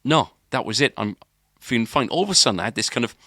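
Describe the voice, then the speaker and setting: A man's voice: mid-range voice, animated, fast, sharp tone, breathy edge, no echo, studio quality. A man, a podcast co-host, telling a long story in casual chat, rambling with restarts and filler words.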